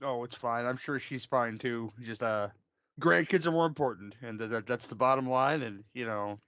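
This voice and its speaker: A man's voice: medium pitch, moderate pace, a bit bright, dry recording. A man hosting a movie podcast, joking around and stumbling over his words. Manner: joking, stammering. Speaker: podcast host. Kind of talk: casual chat. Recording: slightly dull, dry sound.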